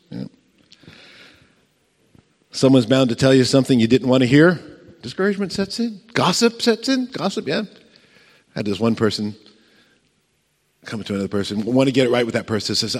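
A man preaching a sermon, telling a story with lively acted-out voices and chuckles and putting questions to the congregation. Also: medium pitch, a little fast, long pauses. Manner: animated storytelling, acts out voices, chuckles, asks the crowd questions. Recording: long reverb of a large hall.

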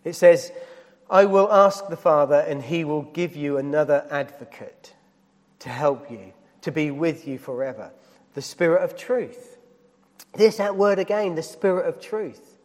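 High-voiced man preaching in a reverberant hall. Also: a little slow. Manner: preaching with rising emphasis and direct questions to the congregation. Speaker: pastor. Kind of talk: sermon. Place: church hall.

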